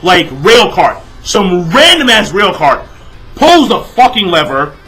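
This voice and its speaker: Young man, high bright voice, casual ranting review, profane, exasperated, lots of fillers. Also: very animated, unhurried, faint music behind, rough recording. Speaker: manga reviewer.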